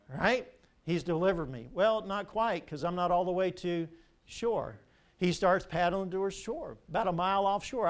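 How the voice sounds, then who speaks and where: An older man, a pastor, preaching a sermon with animated storytelling and rhetorical questions. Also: high voice.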